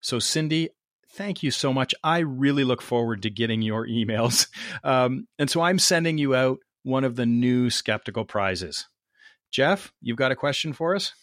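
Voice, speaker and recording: An upbeat male podcast host chats his way through contest announcements. His voice sits at a middle pitch and sounds dry and close, with no room around it. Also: expressive, moderate pace, a bit bright, no echo. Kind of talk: casual podcast chat.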